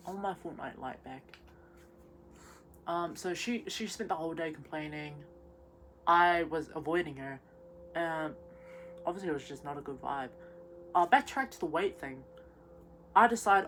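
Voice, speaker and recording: A woman's voice: sits low, normal speed, long pauses, a bit bright, a little hiss or hum. A young woman, drunk, rambling through a messy personal rant with many restarts and stumbles. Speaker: vlogger.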